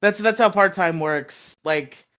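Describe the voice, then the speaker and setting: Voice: medium pitch, measured pace. Young podcast co-host, joking and easygoing. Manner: relaxed, joking and encouraging, with playful hype. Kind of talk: casual chat.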